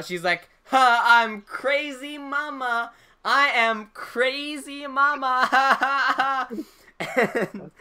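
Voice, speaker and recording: A young man hosting a livestream, casually telling an animated story, laughing often and swearing freely. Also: high-pitched. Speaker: livestream host.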